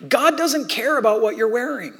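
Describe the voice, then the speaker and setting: A man in his thirties or forties preaching a sermon with animated storytelling, sometimes dropping to a soft near-whisper. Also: extremely high pitch, normal speed, breathy edge. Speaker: pastor.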